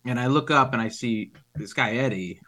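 Bright-voiced male player. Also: mid-range voice, normal speed. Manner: rambling, filler-heavy. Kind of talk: casual tabletop play.

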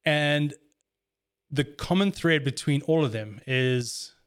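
A man's voice: a little high, slow, clean tone. A man chatting casually in an earnest, reflective way, telling stories about handling his own emotions. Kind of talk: casual chat.

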